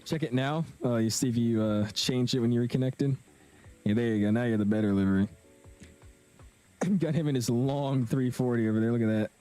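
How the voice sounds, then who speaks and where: A man's voice: medium pitch, a little fast, dark tone, faint music behind. A young man chatting casually with viewers on a live stream, slangy and talkative. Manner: chatty, slangy, reads chat aloud. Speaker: flight sim streamer.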